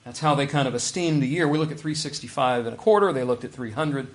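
A man's voice: mid-range voice, fast talker. A man preaching a sermon in a conversational way, reading scripture aloud with emphasis. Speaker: pastor.

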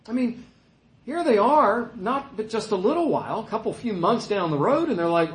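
A man's voice: high voice, sing-song, moderate pace. A man preaching a sermon, reading scripture and retelling it in a conversational way, mimicking the complaining people with a mocking voice. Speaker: pastor. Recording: echoey room.

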